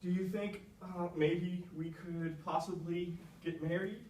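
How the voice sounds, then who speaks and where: A man voicing a spoiled, whiny young prince who shouts for his mother, recorded from a distance in an echoey room. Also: big pitch swings, extremely slow, slight background noise, heavily acted. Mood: grumbling. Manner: shrill whining shouts. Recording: roomy echo, distant mic.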